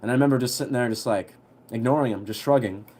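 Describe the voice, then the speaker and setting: A young man telling a story on a livestream in a relaxed, rambling way, full of fillers. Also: mid-range voice, fast. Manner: rambling, heavy on fillers, laid-back.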